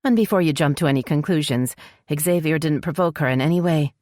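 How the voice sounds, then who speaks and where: A woman's voice: low-pitched, brisk, darkish tone, no echo, natural voice. A woman narrator puts on an outspoken young elf princess, insistent and pleading. Her voice lifts above the narration, dry and close in an audiobook read.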